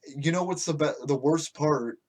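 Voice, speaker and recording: An American podcast host with a slightly high, somewhat mellow voice delivers a casual political rant at normal speed. He curses freely, restarts often and drifts into rambling asides.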